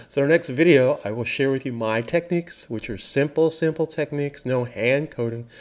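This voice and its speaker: A man teaching web design software, narrating a screen recording in an upbeat, emphatic way and repeating key phrases. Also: medium pitch. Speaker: software trainer.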